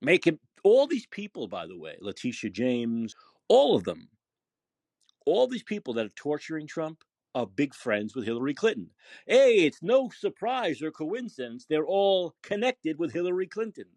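Impassioned husky talk show host man. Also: on the high side, wildly swooping pitch, normal speed, darkish tone, no room sound. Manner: impassioned, repetitive ranting. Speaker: podcast host.

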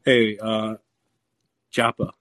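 Blunt stammering sports podcast host. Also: male voice, lowish voice, completely flat delivery, slow, fairly bright tone, dry recording. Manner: blunt, irritated, stammering restarts. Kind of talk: live call-in sports chat.

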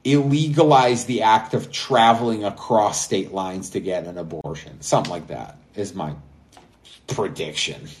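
A man's voice: on the low side, normal speed. Rambling podcast host, a man. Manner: rambling, laughs at own jokes, many fillers. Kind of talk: casual call-in podcast chat. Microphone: remote call-in app.

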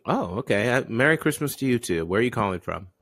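A man running an improvised comedy call-in on a podcast. His voice is laid-back and deadpan, but his pitch jumps around a lot. The sound is dry and close to the mic. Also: quick pace, no echo. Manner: laid-back, deadpan, breaks into laughter and shouts.

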